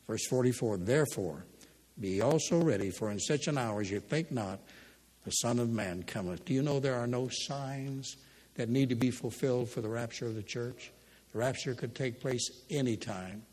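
Older guy preaching, kinda husky voice, folksy jokey stories, long church hall echo. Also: mid-range voice, moderate pace, a little mellow. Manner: folksy storytelling, humorous asides. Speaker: pastor. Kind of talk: sermon with scripture reading.

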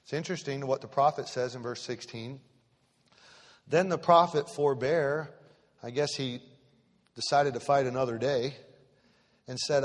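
A man's voice: mid-range voice, measured pace, long pauses. A man preaching a sermon as pastor, emphatic and repetitive, asking the congregation direct questions. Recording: reverberant church hall.

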